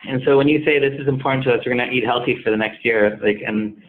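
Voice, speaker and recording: A man's voice: medium pitch, fast talker. A man, a company head, telling stories as a guest in an interview and acting out the voices of past conversations. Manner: animated, acts out dialogue in retold conversations. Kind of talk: storytelling interview answer. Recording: tinny phone-like line.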